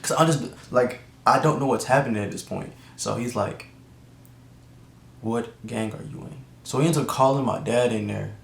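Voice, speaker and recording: A man's voice: mid-range voice, brisk, vocal fry, hardly any pauses. A young man from Atlanta telling a personal story to camera in a rambling, slangy way, full of restarts and asides. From Atlanta, USA. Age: young adult. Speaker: YouTuber. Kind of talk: casual storytime monologue. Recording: roomy echo, faint background noise.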